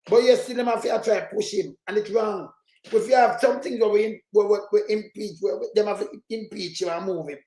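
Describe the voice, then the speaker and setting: A man's voice: high voice, roomy sound. Heated Jamaican man ranting in patois. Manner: loud, heated, mocking, often shouting. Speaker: political commentator. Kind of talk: ranting commentary over clips.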